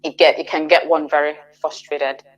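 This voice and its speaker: A middle-aged woman as a radio interview guest, giving a measured, hesitant personal account with frequent restarts and fillers. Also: deep voice, flat delivery, highs cut off.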